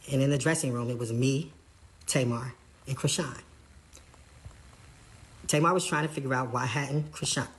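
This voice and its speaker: Tour manager, casual storytelling, animated, mid pitch, quotes others. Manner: animated retelling, quoting others.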